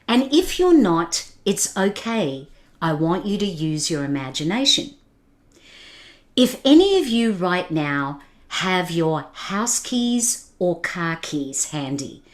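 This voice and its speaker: A woman giving a motivational webinar talk, putting questions and challenges straight to her audience and laughing along with their comments. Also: medium pitch. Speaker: keynote speaker.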